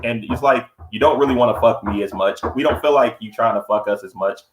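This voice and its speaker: Podcast co-host, young man, quick blunt profane storyteller, roomy echo. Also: mid-range voice. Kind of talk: casual podcast chat. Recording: echoey room.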